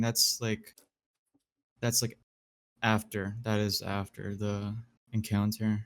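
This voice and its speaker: A man's voice: lowish voice, little pitch movement, slow pace, long pauses, a bit bright. A man in casual commentary who explains the background to chat messages, hesitating often and filling gaps with "like" and "you know". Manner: hesitant, filler-heavy, explanatory.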